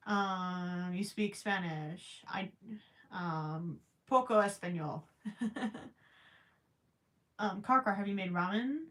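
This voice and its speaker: A woman's voice: medium pitch, takes it slowly, long pauses, fairly bright tone. A young woman casually chatting on a livestream while crocheting, reading viewer questions aloud and teasing herself. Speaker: livestream host.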